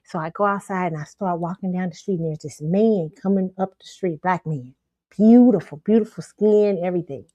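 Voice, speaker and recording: A woman's voice: lowish voice, normal speed, mellow, no room sound. A woman hosting her own show, telling a story to viewers in an emphatic, insistent way and often repeating herself. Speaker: show host.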